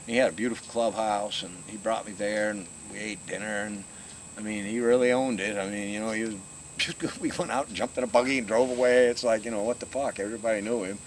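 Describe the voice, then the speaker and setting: Older male storyteller, low voice, easygoing and foul-mouthed, recorded outdoors at night. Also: steady tone, fast. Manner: laid-back, profane, laughs often. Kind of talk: casual storytelling. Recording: noisy outdoor recording with crickets.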